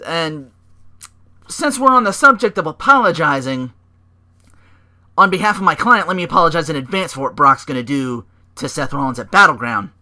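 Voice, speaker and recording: A gloating wrestling manager, played by a man who talks down to his rival in a raised, pushy voice. His tone is bright and cutting, and his taunts are loud. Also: a little high, animated, moderate pace, voice pushed up. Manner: boastful, taunting speech. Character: smug fast-talking male wrestling manager.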